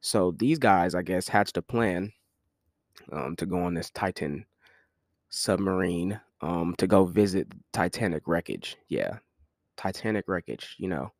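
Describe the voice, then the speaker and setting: A man's voice: low voice, animated, measured pace, no room sound, clean studio sound. A man hosting his own podcast, chatting loosely to his listeners as y'all, joking, slangy and laughing often. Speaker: podcast host. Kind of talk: casual solo podcast chat.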